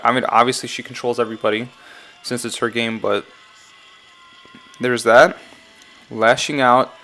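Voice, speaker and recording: Man, casual vlog commentary, mid-pitched voice, rambling, self-correcting, hesitant. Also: a bit bright. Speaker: YouTuber analyzing game song lyrics.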